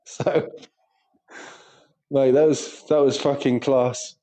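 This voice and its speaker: Laughing, sweary podcast host. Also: male voice, medium pitch, little pitch movement, takes it slowly, dark tone. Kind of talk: casual chat.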